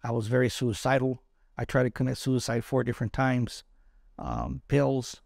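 A man's voice: medium pitch, steady tone, normal speed, gravelly, darkish tone, no room sound, clean studio sound. A middle-aged man from East Los Angeles, an Army combat veteran telling his story in an interview, speaking bluntly with profanity and repeated words. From East Los Angeles, USA. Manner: blunt, profane, repeats words when emotional, acts out quoted voices.

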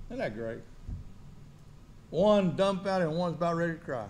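Male preacher, high voice, homespun joking sermon, slight background noise. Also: animated, normal speed, a little mellow. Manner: folksy, joking, quizzes the congregation. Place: church.

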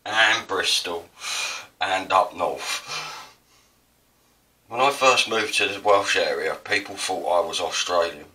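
A man's voice: low voice, takes it slowly, sharp tone, far from the mic. A man with an Essex accent, chatting casually and rambling while he demonstrates printmaking, self-deprecating and prone to digressions. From Essex, South East England. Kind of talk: casual tutorial narration.

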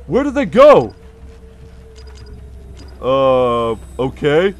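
A let's play host with a notably high voice commentates while playing a video game. He's jumpy and easily startled, giggling at his own nerves between frightened yelps, with big pitch swings, a measured pace, and frequent pauses.

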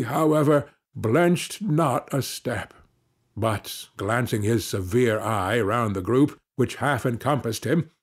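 Slow, husky male audiobook narrator. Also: mid-range voice, a little mellow. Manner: measured, dramatic reading.

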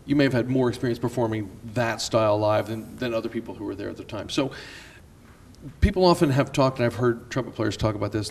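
A man moderating a panel discussion, asking questions in a halting way as he searches for words. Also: mid-range voice, creaky, darkish tone. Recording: voice picked up from away from the mic.

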